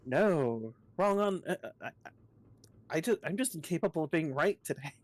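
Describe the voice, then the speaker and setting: Playful guest streamer with self-mocking humor, mid-pitched, for casual game chat. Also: expressive, normal speed.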